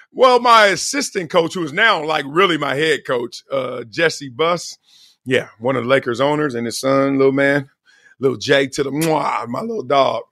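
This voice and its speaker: A man hosting a podcast in casual chat, hoarse from yelling, animated and laughing often. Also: mid-range voice, no room sound. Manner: animated, laughing, shouts out coaching lines. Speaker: podcast host.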